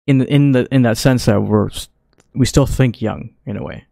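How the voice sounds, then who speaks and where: A man's voice: mid-range voice, moderate pace, vocal fry, mellow, no echo, clean studio sound. A man co-hosting a casual podcast chat, who mostly backs the host up with short agreeing replies.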